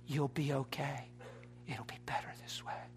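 A man voicing a deceptive male spirit in a hushed, coaxing whisper, as whispered role-play inside a sermon. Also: medium pitch, steady tone, moderate pace, close to an everyday voice. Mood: sly.

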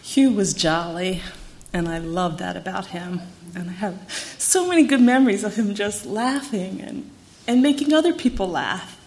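A woman speaking at a memorial, measured and reflective, recalling the departed man fondly. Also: medium pitch, darkish tone, a little hiss or hum. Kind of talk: memorial tribute speech.

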